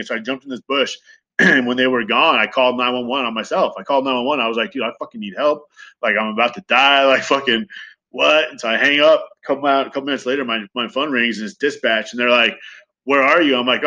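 A man in his thirties from Southern California candidly telling his recovery story in a fast, profane, animated way. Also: mid-range voice, muffled recording. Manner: fast, profane, animated retelling with acted quotes. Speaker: guest sharing recovery story.

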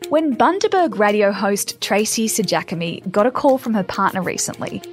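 A woman's voice: mid-range voice, sing-song, normal speed, over music. A woman narrating a scripted news report in a polished reporter's delivery.

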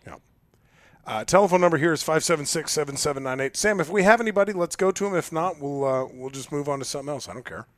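A man's voice: on the high side, lively intonation, quick pace, a bit bright, no echo. A man hosting a radio show, teasing his co-host in offhand, mock-indifferent banter at a studio mic.

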